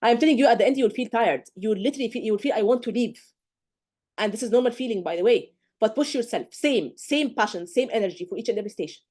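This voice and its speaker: A woman tutor lectures a class of exam candidates. Her voice sits a little high, and she speaks emphatically and directly. She keeps checking that the class is following. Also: expressive, rapid-fire, few pauses, a little mellow, slightly rough. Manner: coaching, direct. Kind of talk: live lecture.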